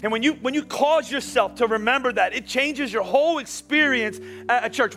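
A middle-aged male pastor preaching a sermon in a church, swinging from quiet storytelling to shouting. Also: extremely high pitch, moderate pace, few pauses, faint music behind. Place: church sanctuary.

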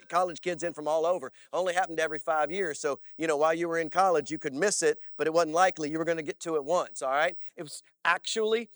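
A male pastor preaching a sermon, telling stories in an animated way and often checking in with "all right?". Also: a little high, no echo, clean studio sound. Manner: animated storytelling with frequent "all right?" asides.

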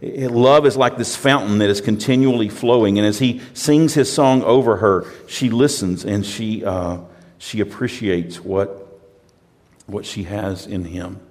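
A man's voice: fairly low pitch, unhurried, darkish tone, in a large hall. A pastor from the United States preaching a sermon in a conversational, storytelling way, often repeating words as he restarts.

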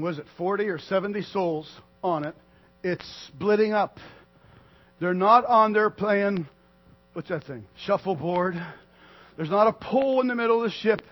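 High-voiced preaching man, muffled recording. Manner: dramatic swings between loud declarations and quiet asides. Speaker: pastor. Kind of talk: sermon.

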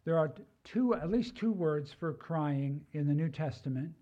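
Slow, mellow older male preacher. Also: fairly high pitch, lively intonation, highs cut off. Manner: conversational, personal asides. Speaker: pastor. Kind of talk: sermon.

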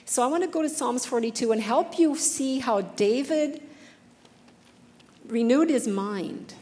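A woman's voice: fairly high pitch, a little slow, mellow, big-room sound. A woman giving an earnest, conversational devotional talk, reading scripture passages with feeling.

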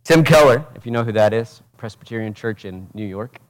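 A man's voice: on the low side, lively intonation, fairly quick. Passionate man preaching a sermon. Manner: passionate, swings from loud urgent peaks to quiet intimate asides; preaches with rhetorical questions and acted quotes. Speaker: pastor.

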